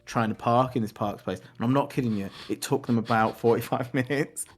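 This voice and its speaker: A man's voice: mid-range voice, fairly quick. Man, thirties, from England, podcast co-host, rambling anecdotes, laughs a lot, mid-range voice. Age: 30s. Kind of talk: casual banter.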